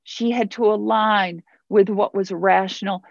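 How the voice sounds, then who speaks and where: A woman's voice: mid-range voice, steady tone, a little slow, creaky, no echo, lo-fi sound. A woman pastor preaching a sermon in an earnest way, repeating phrases for emphasis.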